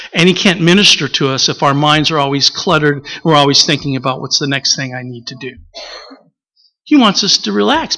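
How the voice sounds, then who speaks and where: Bright-voiced pastor preaching. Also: male voice, high voice, rough recording. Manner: conversational preaching with filler words and acted-out quotes. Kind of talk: sermon.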